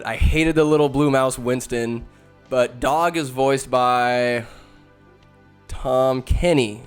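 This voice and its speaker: A man hosts a podcast in loose, rambling commentary. He gets excitable, swears freely and breaks into laughter. Faint music plays underneath. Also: mid-range voice, smooth. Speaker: podcast host.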